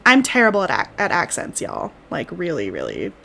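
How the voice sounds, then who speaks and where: A woman's voice: lowish voice, huge pitch swings, brisk, creaky, a bit bright, slight background noise. A woman streamer giving bubbly, giggly live commentary while playing a game. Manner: bubbly, giggly, says y'all.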